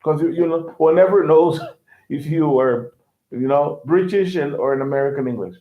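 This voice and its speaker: A man with a Brazilian Portuguese accent teaching English in an online lesson, halting and repeating words with many fillers. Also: a little high. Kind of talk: online lesson explaining casually. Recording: tinny phone-like line, echoey room.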